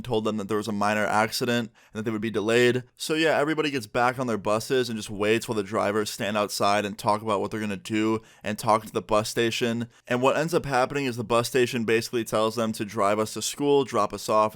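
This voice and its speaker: A man's voice: lowish voice, clear, resonant tone, dry recording, studio quality. A young man telling a storytime tale to camera in a casual, chatty way, often checking in with the listener. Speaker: vlogger. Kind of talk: storytime narration.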